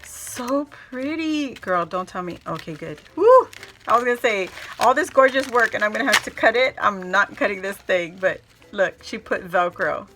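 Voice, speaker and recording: A woman hosting a casual crafting vlog, gushing and excitable as she shows off a handmade gift and talks to her viewers. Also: mid-range voice, fairly quick, hardly any pauses, soft background music. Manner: gushing, excitable, squeals and laughs often; addresses viewers as "guys". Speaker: crafting video host.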